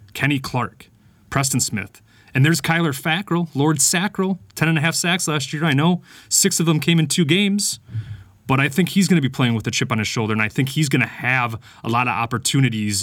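A man's voice: mid-range voice, fairly bright tone, dry recording. A man hosting a sports podcast, giving casual, opinionated commentary with lots of fillers and restarts. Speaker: podcast host.

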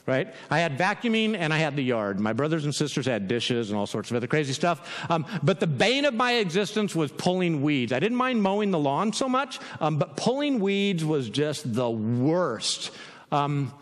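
A man delivers a sermon with a high, lively voice that swings up and down. He talks like he's chatting with his congregation, and a long reverb trails his words through the room. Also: normal speed. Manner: conversational, animated, asks "right?" often, with laughs. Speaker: pastor.

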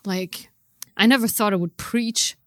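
A woman preacher telling a testimony in a casual, filler-heavy way, moving between hushed storytelling and loud, impassioned preaching. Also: mid-range voice, a little slow, dry recording. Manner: conversational, many "like" fillers.

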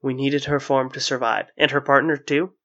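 A man's voice: mid-range voice, level tone, normal speed, a bit bright, lo-fi sound, close to an everyday voice. A man voicing a solemn, desperate light-being. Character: eerie exiled light-being wisp, desperate and cold.

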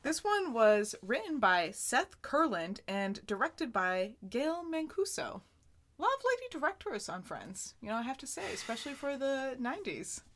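A woman's voice: high voice, sing-song, moderate pace, fairly bright tone. A woman in her thirties co-hosting a podcast, chatting casually and laughing often. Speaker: podcast co-host. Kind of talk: casual chat.

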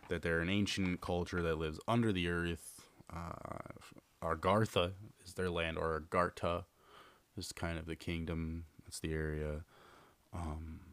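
A man's voice: sits low, vocal fry, fairly bright tone, no room sound. A man hosting a podcast, casually telling a long story with lots of fillers and restarts. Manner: rambling, filler-heavy, repeats himself. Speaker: podcast host.

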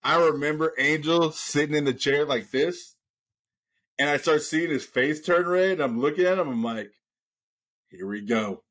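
A man's voice: fairly high pitch, moderate pace, a bit bright. A man hosting a podcast, telling a long profane story in casual chat and acting out the voices of the people in it. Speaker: podcast host.

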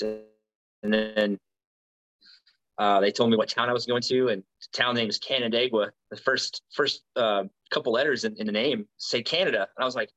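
Low-voiced man from Alabama rambling. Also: fairly even intonation, brisk, a bit bright, dull audio. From Alabama, USA. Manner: rambling, frequent fillers and restarts. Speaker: guest, Marine recruiter. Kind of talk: casual interview storytelling.

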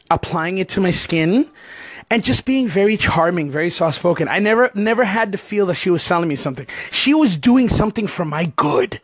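Male podcast host, high voice, animated and chatty, laughs often, dry recording. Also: no echo. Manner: animated, chatty, laughs while telling stories. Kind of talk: casual storytelling chat.

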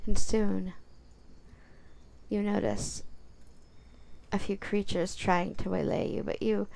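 A woman's voice: medium pitch, level tone, slow, gravelly, darkish tone. A woman narrating a guided visualization story in a soothing second-person voice.

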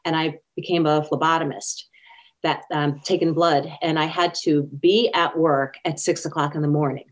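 Earnest woman telling her story. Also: low voice. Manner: earnest, acts out quoted speech. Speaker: interview guest. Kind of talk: personal storytelling in conversation.

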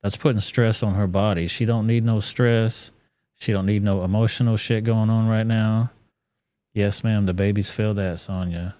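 Low, flat-voiced man on a live stream. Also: moderate pace, dry recording. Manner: casual and profane, loose with fillers. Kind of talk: casual live-stream commentary.

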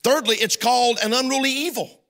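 A man's voice: very high voice, a little fast, a bit bright, big-room sound. A man preaching a sermon as pastor, telling a folksy story and acting out both sides of a conversation. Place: church sanctuary.

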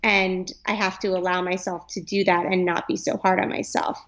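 A woman's voice: lowish voice, flat delivery, moderate pace, a bit bright. A young adult woman, a yoga teacher, talking earnestly in a podcast interview and filling her speech with "like.". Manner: earnest, chatty, lots of "like".

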